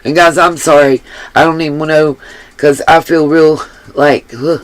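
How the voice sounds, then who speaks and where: A woman's voice: sits low, steady tone, moderate pace, dry recording. A woman hosting a commentary channel, ranting in an angry, profane and blunt way, though she apologizes for her harsh tone. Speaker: YouTube commentary host.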